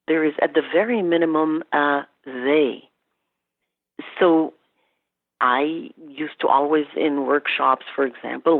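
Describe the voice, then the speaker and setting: Woman from Canada, podcast guest, animated storyteller, gravelly edge, tinny phone-line sound. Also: deep voice, dry recording. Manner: animated storytelling, quoting herself and clients. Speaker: guest expert on workplace incivility. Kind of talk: podcast interview.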